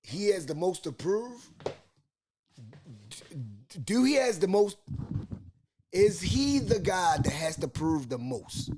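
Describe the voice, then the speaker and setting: A man with a Baltimore accent hosting a casual sports podcast, talking in animated bursts, repeating himself and restarting his sentences. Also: sits high, slow pace, pauses often, noisy background. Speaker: podcast host.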